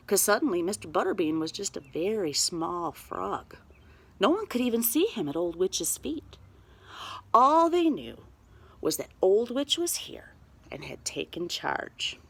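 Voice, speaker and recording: A woman telling a children's story aloud, very expressive and dropping to a whisper at spooky moments. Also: medium pitch, measured pace, breathy edge.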